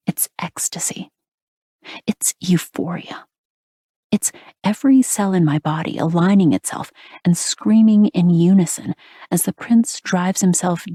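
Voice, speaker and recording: Breathy low-voiced woman narrator. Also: dark tone, no echo, studio quality. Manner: breathy, half-whispered intimate reading. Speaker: audiobook narrator. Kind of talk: first-person romance audiobook narration.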